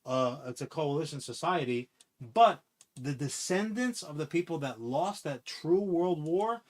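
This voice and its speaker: Man, casual podcast chat, rambling, profane, slightly high voice. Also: measured pace. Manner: rambling, profane, animated storytelling with acted-out quotes. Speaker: podcast co-host.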